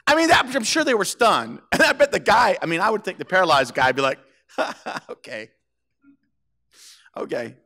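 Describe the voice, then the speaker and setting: A male preacher with a fairly high voice that swings widely up and down as he preaches. He tells the story playfully, acting out the characters' voices and laughing along with his congregation. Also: sing-song, fast, vocal fry, hardly any pauses, pushed and bright. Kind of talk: animated sermon with acted-out scenes. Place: church sanctuary.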